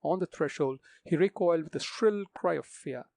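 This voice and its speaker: A man narrating a mystery audiobook in a measured, dramatic reading. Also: on the high side, vocal fry, darkish tone, dry recording.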